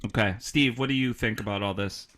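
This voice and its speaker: A man co-hosting a podcast in casual chat, animated, arguing his picks and mimicking others. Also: fairly low pitch, brisk. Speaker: podcast co-host.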